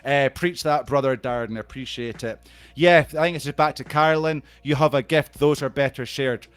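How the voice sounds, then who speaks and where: A man's voice: medium pitch, moderate pace, fairly bright tone, clear, resonant tone. A middle-aged man with a Scottish accent hosting a live stream on a video call. He banters casually and reads out viewer comments, swearing freely.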